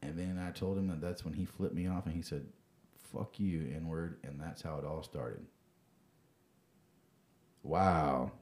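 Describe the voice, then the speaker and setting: A man's voice: very deep voice, steady tone, a little slow, pauses often, darkish tone. A young man co-hosting a podcast, talking in a casual, profane, ranting way. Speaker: podcast co-host. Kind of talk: casual chat.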